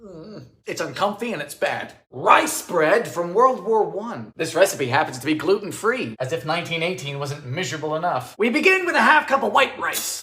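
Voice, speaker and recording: A man hosting a baking video, narrating in a theatrical, sardonic way with sudden high-pitched exclamations, in a home kitchen. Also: sing-song, normal speed, few pauses, bright, forceful tone. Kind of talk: comedic cooking narration. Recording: echoey room sound.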